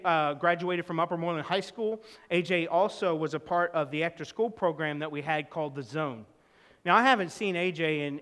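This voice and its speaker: An earnest man preaching a storytelling sermon, his voice sitting a bit high for a man. He swings from loud, pressing emphasis down to soft, close lows. The sound carries a long reverb from a church hall. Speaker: pastor.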